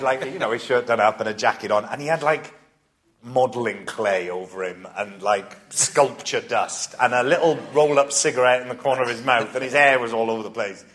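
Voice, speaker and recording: A man with a Welsh accent, a podcast guest, telling self-mocking anecdotes in casual chat and acting out the quotes. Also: on the low side. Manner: animated storyteller, self-mocking, acts out quotes. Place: live comedy podcast venue.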